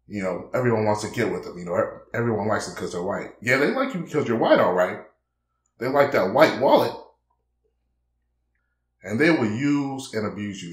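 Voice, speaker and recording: A man's voice: on the low side, roomy sound. A man in a blunt, preachy casual monologue, peppering his talk with "man" and acting out quoted conversations. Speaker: vlogger.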